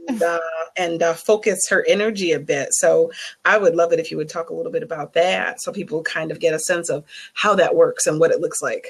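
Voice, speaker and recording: A woman's voice: low voice, steady tone, a little fast, breathy edge. Gushing woman hosting a video chat. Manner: enthusiastic, gushing. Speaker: host.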